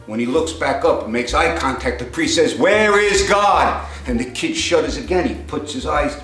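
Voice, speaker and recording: A man tells jokes as a meandering storyteller, getting louder to play the characters. His medium-pitched voice is brisk and a bit bright, heard in a roomy space with soft music in the background.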